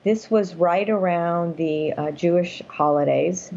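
A woman's voice: on the low side, slow pace, mellow, muffled recording, slight background noise. An older woman telling her story as an interview guest, earnest and emphatic, speaking from home over a call. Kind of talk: casual interview talk. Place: home room.

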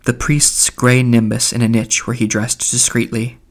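A man reading a literary novel aloud as an audiobook narrator, in a measured, even delivery. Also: medium pitch.

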